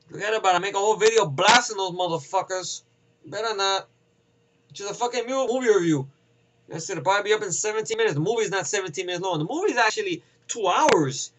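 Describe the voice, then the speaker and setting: A man giving a casual, rambling film review, profane and excitable, acting out scenes with voices. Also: high-pitched, fast, low-quality recording. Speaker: movie reviewer.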